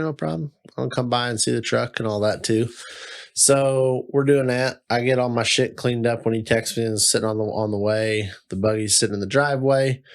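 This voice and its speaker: A man hosting a podcast, telling an animated, profane story full of "like". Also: fairly low pitch. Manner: animated, profane, heavy use of "like". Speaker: podcast host. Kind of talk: casual storytelling chat.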